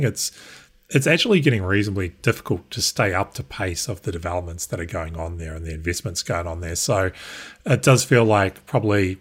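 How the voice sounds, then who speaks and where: A man with a New Zealand accent, cohosting a podcast in thoughtful, measured casual chat. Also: lowish voice, husky. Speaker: guest cohost.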